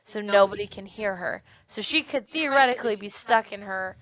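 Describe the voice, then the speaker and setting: A young woman co-hosting a podcast, retelling a book's plot in a chatty, animated way with many fillers. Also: medium pitch, moderate pace. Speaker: podcast co-host. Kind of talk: casual book discussion.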